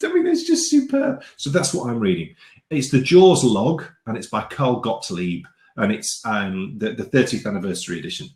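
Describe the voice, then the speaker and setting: A man's voice: fairly low pitch, lively intonation, moderate pace, darkish tone, reverberant. A man co-hosting a live podcast show, chatting casually with enthusiasm and some hesitation. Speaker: podcast co-host. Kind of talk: casual chat.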